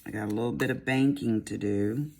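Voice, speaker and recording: A woman's voice: rumbling low, a little fast, dark tone, slight background noise. A middle-aged woman with a Southern American accent, chatting casually in a rambling, folksy way while she works on a craft. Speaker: crafting vlogger. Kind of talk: casual chat while diamond painting.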